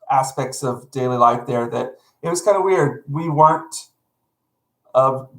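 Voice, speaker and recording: A man's voice: mid-range voice, a bit bright. Rambling man, echoey room. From North Carolina, USA. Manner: rambling, self-correcting, friendly. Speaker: live art streamer. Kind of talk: casual chat with chat viewers.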